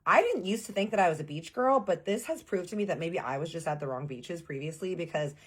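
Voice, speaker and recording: Woman, young, low and chatty; storytime vlogger, slangy, plays out the dialogue. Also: expressive, fast, slightly rough. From Texas. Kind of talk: casual storytime.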